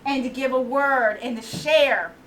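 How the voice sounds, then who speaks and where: A woman in her late forties sharing an animated, laughing testimony at a women's conference. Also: high-pitched, measured pace. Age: 40s. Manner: animated storytelling, laughing and exclaiming. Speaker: inspirational speaker. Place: conference venue with a small audience. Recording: distant mic with faint audience and room noise.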